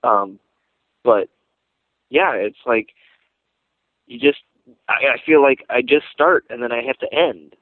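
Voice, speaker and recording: A man leaving a rambling, halting voicemail message full of restarts. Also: mid-range voice, no echo. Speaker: voicemail caller. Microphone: phone. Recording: tinny phone line.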